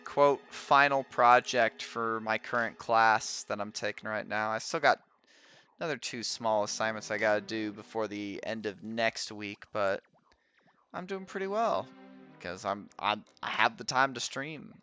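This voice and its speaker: A man's voice: fairly low pitch, normal speed, bright, forceful tone, soft background music. A young man with a Midwestern American accent chatting casually with viewers while streaming a game, laughing often and trailing off as he reads.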